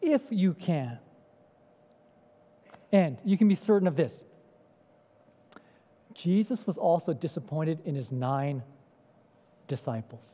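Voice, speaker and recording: A man's voice: a little high, lively intonation, unhurried, long pauses, mellow. A man preaching a sermon in a conversational way, often asking the congregation questions. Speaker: pastor. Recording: echoey hall, dull lo-fi sound.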